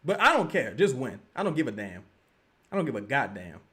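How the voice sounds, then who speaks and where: A man hosting a live watch-along stream, giving excitable, slangy commentary and yelling at his team. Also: medium pitch, fairly quick. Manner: excitable, yells at the team, slangy trash talk. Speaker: livestream host.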